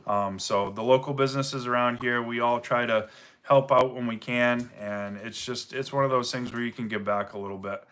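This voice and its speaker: Middle-aged man with a mild Maine accent, easygoing livestream host, bright and forceful tone. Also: mid-range voice, steady tone, moderate pace, smooth. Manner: easygoing, rambling, reads viewer comments aloud. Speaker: livestream host, firewood seller. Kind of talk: casual livestream chat.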